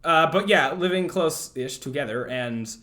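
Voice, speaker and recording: A man's voice: fairly high pitch, animated, measured pace, sharp tone. A young man from Canada streaming live, chatting casually and rambling with many fillers and stammered restarts. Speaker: livestreamer.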